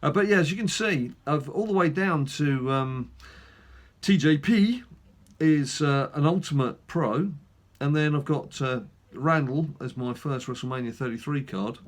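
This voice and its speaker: A man's voice: a little high, a little slow. A man hosting a gaming channel, chatting casually through a mobile game with lots of fillers and self-mocking asides.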